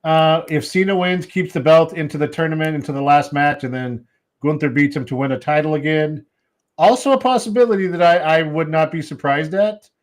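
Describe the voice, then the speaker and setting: A man hosting a live podcast in casual chat, relaxed as he runs through a list and greets viewers by name. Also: fairly high pitch, fairly quick. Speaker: host of a wrestling podcast.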